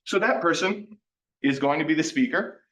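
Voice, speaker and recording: A man's voice: fairly high pitch, normal speed, fairly bright tone. A man giving a live workshop lecture, talking conversationally and tagging his points with a questioning "right?". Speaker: workshop presenter. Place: classroom. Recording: distant roomy lo-fi classroom recording.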